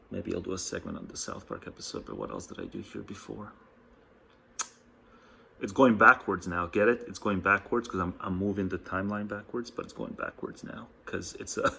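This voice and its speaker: A man's voice: on the low side, creaky, a bit bright, husky. A man hosting a casual commentary, rambling and thinking aloud as he goes, laughing often. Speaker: commentary host. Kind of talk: casual solo commentary over clips.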